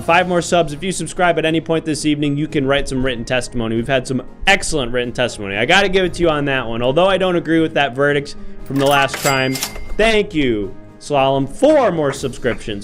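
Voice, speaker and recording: A man hosting an improv comedy livestream as a mock-formal judge, thanking viewers and questioning defendants, with a somewhat high voice over soft music. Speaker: host playing a judge.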